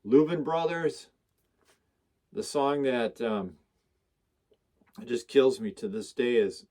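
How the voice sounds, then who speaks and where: A man with an expressive, darkish, medium-pitched voice speaks slowly and pauses often. As a record collector vlogger, he shows his records in casual, enthusiastic chat, wandering from one to the next and reading off song titles.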